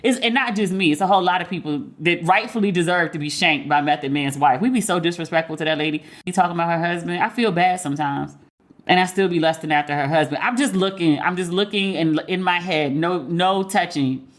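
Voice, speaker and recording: A woman's voice: lowish voice, a little fast. Frank, gossipy woman podcast host. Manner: candid, gossipy, blunt with profanity; playful, frank about her crushes. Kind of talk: casual pop-culture commentary.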